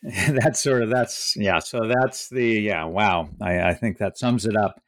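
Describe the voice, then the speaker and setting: A male author reads from his book and then speaks about it to an audience. He talks hesitantly and often stops to restart. His voice is low, and the sound is dry and close. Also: a little slow, dry recording. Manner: hesitant, many fillers and restarts. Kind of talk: book reading and talk.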